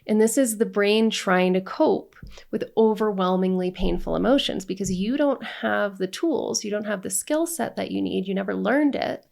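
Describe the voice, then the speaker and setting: A woman's voice: mid-range voice, vocal fry. A woman working as a divorce coach, talking straight to camera in an earnest way, often checking in with "right?" and listing feelings one after another. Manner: earnest, repeats "right?" and lists emotions in long runs. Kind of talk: direct-to-camera coaching talk.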